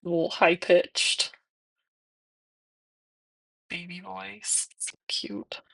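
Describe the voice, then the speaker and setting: Young adult woman, casual nail vlogger, chatty and low with some vocal fry. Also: little pitch movement, slow pace. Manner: chatty, sometimes drifting into soft whispers. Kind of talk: casual chat while doing nails.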